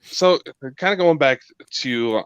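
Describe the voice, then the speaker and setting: A man's voice: on the high side, lively intonation, a little slow, smooth, no echo. A man co-hosting a podcast, joking and asking questions in casual chat. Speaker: podcast co-host. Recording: dull, dry lo-fi audio.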